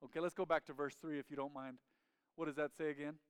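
Male pastor with a smooth, resonant, slightly high voice, recorded close and dry; fervent call-and-response preaching to a congregation. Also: flat delivery, fast talker, dry recording. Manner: emphatic call-and-response preaching, leading the congregation in repeating phrases. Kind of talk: sermon. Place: church sanctuary.

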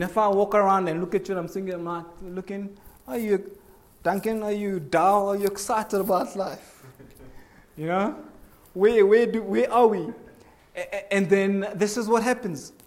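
A man preaching a sermon to a congregation in a conversational way, asking them questions and acting out bits of everyday talk. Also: sits high. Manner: conversational, asks the congregation questions, acts out little voices.

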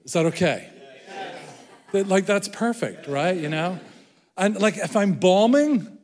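An Irish man with an Irish accent preaches a sermon as a guest speaker in a large church hall, chatty, self-deprecating and joking. His voice is high and darkish in tone, expressive and a little slow, with long hall reverb on the recording.

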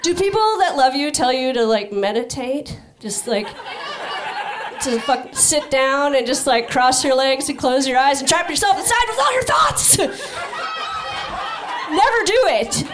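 A woman doing a stand-up set on stage, rambling and self-deprecating in a high-strung way. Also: animated, unhurried, noisy background. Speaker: stand-up comic. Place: comedy club stage. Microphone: stage microphone.

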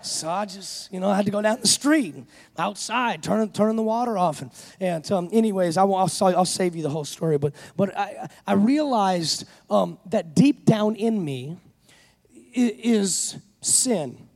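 A pastor preaching a sermon, telling a self-mocking story before building to fervent preaching. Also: male voice, high-pitched, normal speed, creaky, a little mellow, long reverb tail.

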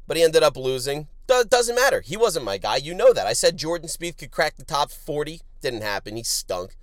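A man hosting a sports betting podcast, crude and joking, swinging from loud outbursts to low mutters. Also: no echo, clean studio sound. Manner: animated, swings from shouting to muttering. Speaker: podcast host.

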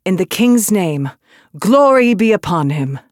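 A woman's voice: medium pitch, sing-song, a little slow, darkish tone, dry recording, studio quality. An actress playing a blunt, battle-weary woman general in an audiobook drama, plainspoken and direct. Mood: earnest.

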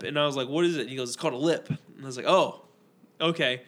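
A young man co-hosting a podcast rambles through casual stories, acting out what other people said. His mid-range voice is a bit bright and fast.

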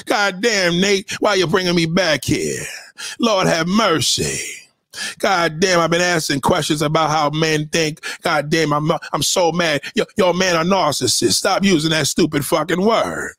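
A man's voice: fairly high pitch, lively intonation, unhurried, a bit bright, dry recording, clean studio sound. A man hosting an online show, giving loose, profane commentary on songs, exclaiming constantly and lecturing his listeners bluntly.

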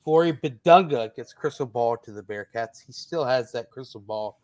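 A man hosting a relaxed sports podcast, his mid-pitched voice wandering through restarts and fillers. He sounds chatty and unpolished. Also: normal speed. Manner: rambling, many restarts and fillers. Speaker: podcast host. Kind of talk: casual sports podcast chat.

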